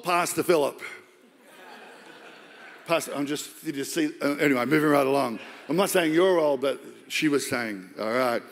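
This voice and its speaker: An Australian man preaching a sermon as pastor, jokey and animated, acting out the voices of the story. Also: medium pitch, moderate pace. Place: large church hall. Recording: long hall reverb.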